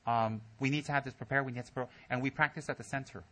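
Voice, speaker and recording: A man giving a humorous Buddhist dharma talk to his students, telling stories and mimicking people in squealing voices. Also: fast. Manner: animated storytelling, mimics students in high squeals. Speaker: Buddhist teacher. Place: teaching center hall.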